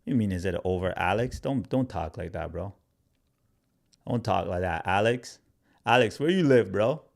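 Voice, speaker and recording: A man's voice: low voice, expressive, moderate pace, gravelly. A man hosting a casual livestream as a crypto educator, talking loosely to his viewers with lots of "like" and "right?". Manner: loose and chatty, full of "like" and "right?"; talks straight to viewers, reads comments aloud. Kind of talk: casual livestream talk to chat.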